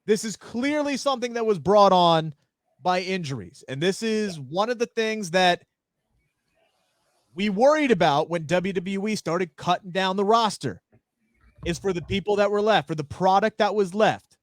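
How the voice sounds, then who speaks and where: A man co-hosting a casual wrestling podcast, opinionated and animated, swearing freely into a close mic. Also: sits high, moderate pace, no room sound. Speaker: podcast co-host.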